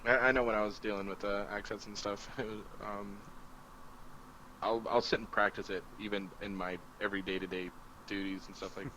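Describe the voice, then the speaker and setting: A man chatting easily on a gaming podcast, telling a quick anecdote. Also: lowish voice, little pitch movement, bright, forceful tone, slight background noise, rough recording. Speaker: podcast guest. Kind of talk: casual gaming podcast chat.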